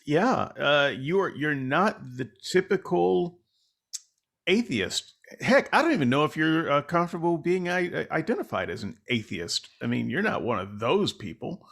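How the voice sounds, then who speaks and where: A man's voice: on the high side, sing-song, normal speed, gravelly, fairly bright tone. A man hosting a podcast, talking in a casual, rambling and self-deprecating way with lots of fillers. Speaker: podcast host. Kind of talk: casual conversational interview.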